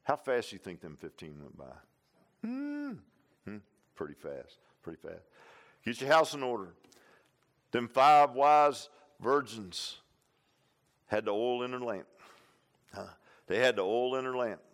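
Guy preaching a sermon, lowish voice, keeps repeating stuff and going huh? amen?. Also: big pitch swings, moderate pace, long pauses. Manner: impassioned preaching, repeats lines for emphasis, "huh?" and "amen" asides. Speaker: pastor.

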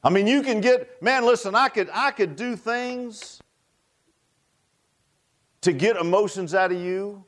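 A man's voice: extremely high pitch, a little slow, fairly bright tone. A man preaching a sermon in a folksy, repetitive way, often tossing out rhetorical "huh?" asides to the congregation. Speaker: pastor.

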